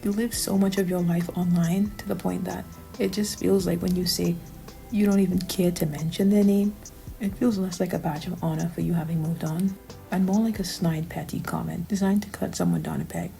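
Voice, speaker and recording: A woman delivers critical commentary in a sarcastic, pointed way. Her voice sits a little low and has a gravelly edge. Her tone is dark and mellow, with soft music playing faintly underneath. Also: steady tone, a little fast, rough recording. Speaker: commentary host.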